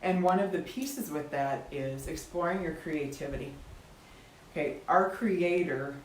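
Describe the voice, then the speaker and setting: A woman's voice: low voice, measured pace, a little hiss or hum. Earnest woman in an echoey room. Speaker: co-host, faith talk. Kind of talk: casual coaching talk.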